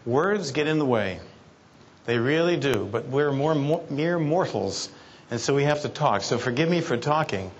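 A man tells a life story from the stage in a playful, teasing way. His voice sits at an everyday middle pitch. A faint hum of the conference room hangs behind him. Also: animated, normal speed, muffled recording. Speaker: keynote speaker. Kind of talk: storytelling keynote talk. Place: conference hall.

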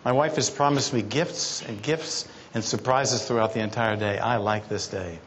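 A man's voice: mid-range voice, normal speed, fairly bright tone, slight background noise. Playful storytelling man at a keynote. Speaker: keynote speaker. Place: conference hall.

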